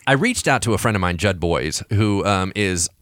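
A man who is a pastor and podcast co-host, telling stories in a casual, animated way, acting out quoted voices. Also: sits low, normal speed, no echo, clean studio sound. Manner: animated storyteller, acts out quoted voices, frequent restarts.

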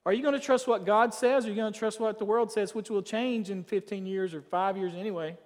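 A man preaching a sermon as pastor, emphatic, swinging between loud declarations and quiet asides. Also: high voice, steady tone, fast, in a large hall.

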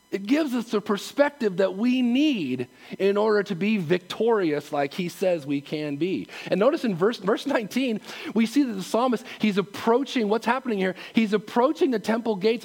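A male pastor preaching a casual, animated sermon, laughing often and acting out quotes. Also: sits high, gravelly.

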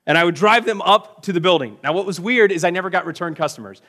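A middle-aged man preaches with a fairly high voice, telling his own story from the pulpit. He acts out the people he quotes and swings between loud bursts and hushed, quiet stretches. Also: animated, quick pace. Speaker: pastor. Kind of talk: sermon with personal testimony.

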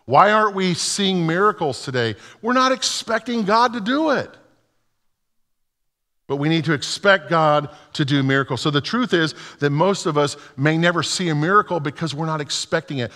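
A man's voice: fairly high pitch, expressive, moderate pace, bright, forceful tone, in a large hall. A man preaching a sermon as pastor, retelling scripture stories and acting out the dialogue with rising fervor.

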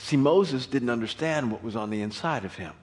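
A man preaching a sermon in an animated way, acting out the Bible story. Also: mid-range voice, a little fast. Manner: animated, acts out Bible scenes.

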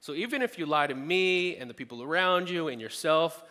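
A man preaching with a bright, forceful voice, talking with his listeners and then climbing to loud, emphatic peaks. His voice rings in a large hall with a long reverb. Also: a little high, brisk. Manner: conversational, rising to emphatic peaks. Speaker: pastor. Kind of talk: sermon.

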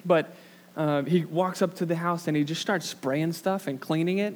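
A young man delivering a sermon, his pitch sitting a little high. He talks casually and pokes fun at himself, with plenty of ums and likes. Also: fairly even intonation, moderate pace. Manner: casual, self-deprecating storyteller with many fillers. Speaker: pastor. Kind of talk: sermon with a personal anecdote.

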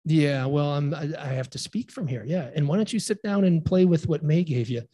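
A man in his forties, a pastor giving a relaxed, chatty sermon and joking with his congregation. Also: on the high side, a little fast. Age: 40s. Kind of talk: informal sermon with congregation banter.

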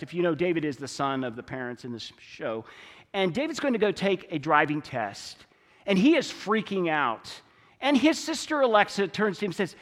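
A man preaching a conversational sermon in a church, swinging between loud emphatic stretches and quiet low ones. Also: long reverb tail. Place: church sanctuary.

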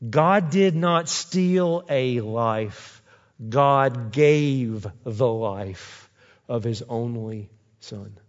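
A man preaching a sermon as pastor, repeating key lines and building to emphatic rises. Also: mid-range voice. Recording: dull lo-fi sermon recording.

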